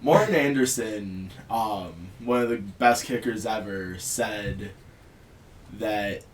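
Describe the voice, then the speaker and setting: A young man co-hosting a podcast, introducing topics in a relaxed casual chat with hesitant fillers. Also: on the low side, slow, reverberant, far from the mic. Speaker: podcast co-host.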